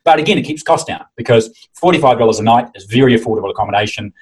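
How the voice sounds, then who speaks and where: A man's voice: medium pitch, racing, slightly rough, poor audio. A man who runs a fitness convention, chatting enthusiastically and acting out quotes as he tells stories. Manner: enthusiastic, animated storytelling with mimicked quotes. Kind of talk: casual conversation.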